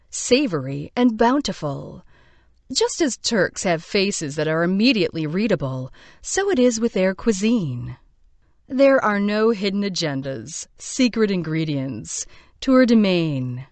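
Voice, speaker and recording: A woman narrates a book of letters in a measured, expressive storytelling manner. Her pitch moves freely through each sentence, and the recording is close and dry, with no room sound. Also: no echo. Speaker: reader of letters. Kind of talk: scripted narration.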